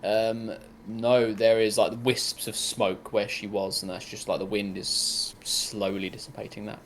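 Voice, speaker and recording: A man's voice: lowish voice, flat delivery, unhurried, a little hiss or hum. A man narrating as game master, rambling with lots of ums and likes.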